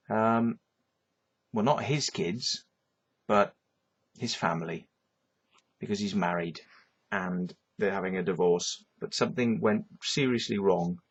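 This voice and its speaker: A man's voice: fairly low pitch, gravelly, husky, lo-fi sound. A man, ranting at the camera in an agitated, repetitive monologue that is full of swearing, tagging his lines with "right?". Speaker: vlogger.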